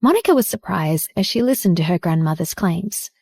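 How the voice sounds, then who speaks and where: A woman reading a romance audiobook in steady scripted narration. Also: fairly low pitch, brisk, gravelly, husky, dry recording.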